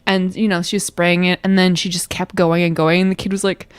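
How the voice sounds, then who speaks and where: A woman with a low voice recorded in a dry room, chatting with friends. She tells anecdotes in a chatty way, with casual swearing. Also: level tone, fairly quick, clean tone, no room sound. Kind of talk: casual chat.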